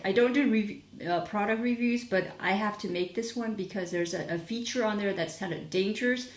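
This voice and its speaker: A woman's voice: mid-range voice, reverberant. A young adult woman chatting casually in a rambling product review vlog, sleepy and full of fillers and restarts. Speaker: vlogger.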